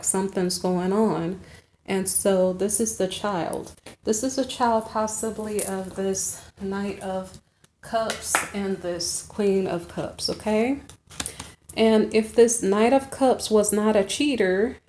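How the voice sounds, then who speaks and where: A woman with a warm, medium-pitched voice gives a chatty, rambling tarot reading as a casual monologue. Between her asides, she keeps checking in with "okay?"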